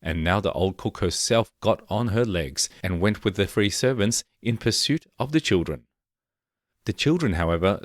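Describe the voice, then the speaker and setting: Deep-voiced male fairy-tale narrator. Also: dry recording, studio quality. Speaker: storyteller.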